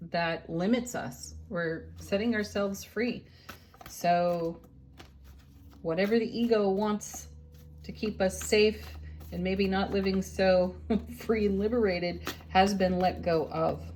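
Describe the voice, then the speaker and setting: A middle-aged woman reads tarot cards for her viewers at a slow, unhurried pace. Her voice sits a little low and stays gentle, with soft laughs between cards. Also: noisy background. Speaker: tarot reader and channel host. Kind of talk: daily tarot card reading.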